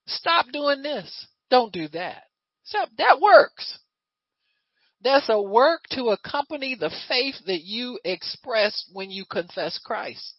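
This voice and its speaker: A woman preaching a sermon in a lively, conversational way, full of rhetorical questions. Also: fairly high pitch, slow pace, husky, no echo, dull audio.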